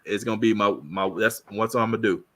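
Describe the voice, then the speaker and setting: A man's voice: fairly low pitch, fast. A man in his fifties co-hosting a casual chat, joking and laughing as he tells stories. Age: 50s. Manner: laughing, joking, animated storytelling. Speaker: podcast co-host.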